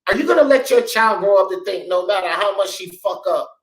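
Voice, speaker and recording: A man's voice: high voice, brisk, echoey room, poor audio. A man hosting a talk show, ranting bluntly and profanely in heated commentary. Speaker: sports talk show host.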